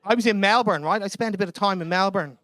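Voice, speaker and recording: High-voiced Irish comic on stage. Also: male voice, sharp tone, slight background noise. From Ireland. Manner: chatty, self-mocking, quick asides. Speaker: stand-up comedian. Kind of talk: stand-up comedy set. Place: comedy club stage.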